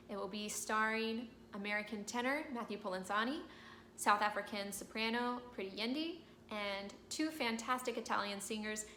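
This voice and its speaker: A young woman hosting a very casual, slangy summary of an opera, tossing in quick asides as the characters. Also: medium pitch, pushed and bright, roomy sound, a little hiss or hum. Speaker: host.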